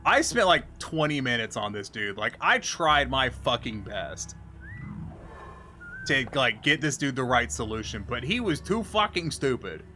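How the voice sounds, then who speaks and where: A man's voice: mid-range voice, bright, forceful tone, a little hiss or hum. A man streaming and telling a story in a casual chat style, ranting with lots of profanity.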